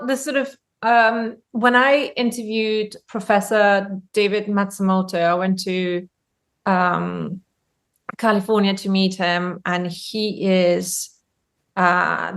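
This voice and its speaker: A German-born woman chats as a podcast guest, her voice in a middle register. She tells her stories loosely, full of ums, restarts and asides. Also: medium pitch. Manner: chatty storytelling, frequent ums and restarts. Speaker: guest author. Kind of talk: podcast interview.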